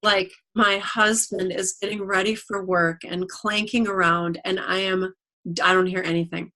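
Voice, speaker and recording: On a video call, a middle-aged product distributor offers a relaxed testimonial, spinning lively stories and performing other people's quotes. Her pitch is medium and her pace moderate.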